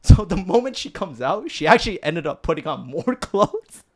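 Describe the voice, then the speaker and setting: A young man telling a dating story in a casual podcast chat, emphatic and animated, often laughing and checking in with "okay?" and "right?". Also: high voice, moderate pace. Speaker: podcast guest.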